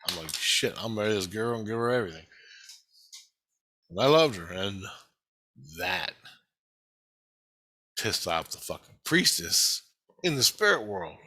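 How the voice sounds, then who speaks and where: A man's voice: fairly low pitch, very animated, a little slow, pauses often, sharp tone. A man talking in a rambling personal video monologue, heated and heavily profane. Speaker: vlogger.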